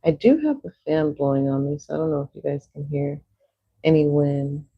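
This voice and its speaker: A woman's voice: low-pitched, normal speed, slightly rough, lo-fi sound. A young woman livestreaming, chatting casually while she paints, rambling with lots of "like" fillers.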